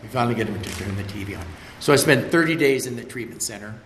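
A man's voice: mid-range voice, quick pace, fairly bright tone. Older man telling his recovery story. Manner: earnest, conversational, repeats words when emotional. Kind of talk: personal storytelling. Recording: roomy with faint background noise.

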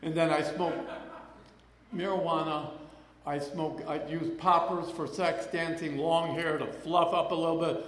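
An older man with a slightly high voice, steady tone and measured pace speaks at a recovery meeting. His personal story comes out chatty and rambling, full of laughs and repeated phrases, in a hall with long, echoey reverb.

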